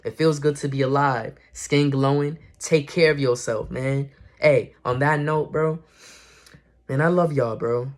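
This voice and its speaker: A man's voice: mid-range voice, fairly even intonation, measured pace. Earnest young man rambling to camera. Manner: earnest, rambling, repeats himself, slangy. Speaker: vlogger. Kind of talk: casual motivational talk to camera.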